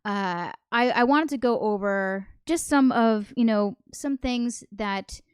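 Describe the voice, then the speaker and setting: Nervous and self-deprecating, this variety show livestream host chats in a rambling way, laughs a lot and says hello to viewers by name. Her voice is a little high and slow with a clean tone, in a dry, studio-clean recording.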